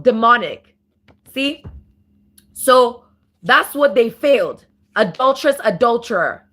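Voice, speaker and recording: A woman giving an off-the-cuff spiritual monologue, ranting with profanity and slang, restarting phrases and breaking into louder emphatic bursts. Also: medium pitch. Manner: profane, emphatic rant with sudden louder outbursts. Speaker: spiritual commentator.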